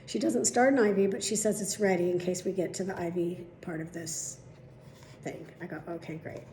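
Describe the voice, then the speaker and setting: A woman's voice: on the low side, a little fast, roomy sound, slight background noise. Chatty, profane woman vlogger. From United States. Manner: chatty, profane, animated retelling. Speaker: vlog host. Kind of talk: casual storytelling to followers.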